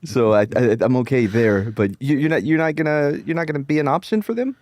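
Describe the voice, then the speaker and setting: A man co-hosting a casual podcast, excitable and joking, often laughing. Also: medium pitch, brisk, no room sound, clean studio sound. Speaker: co-host.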